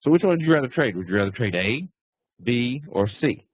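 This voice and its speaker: A man's voice: mid-range voice, sing-song, a little fast, no echo. A man teaching trading in a casual webinar, folksy and blunt with punchy phrasing. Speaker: trading instructor. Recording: tinny phone-like dry line.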